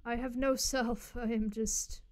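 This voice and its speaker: A young woman plays through a game on a live stream, talking to her viewers as she goes. Her voice sits a little high, and she speaks slowly. She swears freely and jokes with her chat. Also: level tone, a little mellow. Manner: swearing, chatty, joking to chat.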